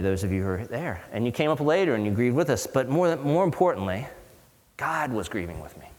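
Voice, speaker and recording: A man preaching a sermon as pastor, earnest and conversational, with dramatic pauses and acted-out quotes. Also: medium pitch. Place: church hall. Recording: long hall reverb.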